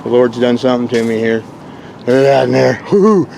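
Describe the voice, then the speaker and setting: Guy vlogging on a rocky beach, rambly and excitable, bit of wind and water behind him. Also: medium pitch, brisk, vocal fry. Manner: rambling, exclamatory, bursts into whoops. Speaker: vlogger exploring rock formations. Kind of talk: excited narration while filming outdoors. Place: rocky shore outdoors at low tide.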